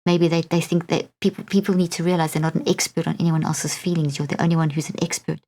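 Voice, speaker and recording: A woman's voice: deep voice, level tone, quick pace, dark tone. A middle-aged woman with a South African accent hosting a solo podcast, talking in an earnest, coaching way and often checking in with "okay?". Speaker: podcast host.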